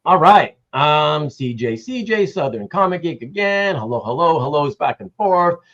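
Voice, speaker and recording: A man's voice: a little high, animated, normal speed, a bit bright, highs cut off. A man hosting a casual livestream, rambling and greeting chat viewers by name, with some casual swearing. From Canada. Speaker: livestream host.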